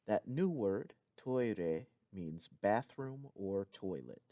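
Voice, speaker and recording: A man explains a lesson in clear, patient steps, his fairly low voice rising and falling with plenty of movement. The sound is close and dry, with no room around it. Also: lively intonation, slow pace, dark tone, dry recording. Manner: clear explanatory teaching with occasional asides. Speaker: language teacher. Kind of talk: recorded language lesson.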